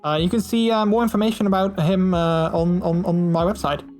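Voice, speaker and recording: A man's voice: sits high, fairly even intonation, a little fast, a little mellow, soft background music. A man streaming casually, reading out viewer messages and chatting in a friendly way, with many fillers and restarts.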